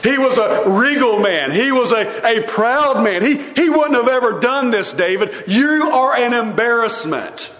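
Guy putting on a snooty sarcastic queen, kinda high, echoey room. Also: expressive, measured pace, few pauses, fairly bright tone, full character voice. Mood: scornful. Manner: sarcastic, mocking. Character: sarcastic scornful queen, proud and embarrassed.

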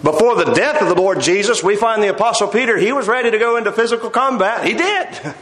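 A man's voice: high voice, animated, fast, a bit bright. A man preaching a sermon in a folksy, storytelling way, with hesitant fillers and wry humor, recorded in a church sanctuary. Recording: echoey hall with long reverb.

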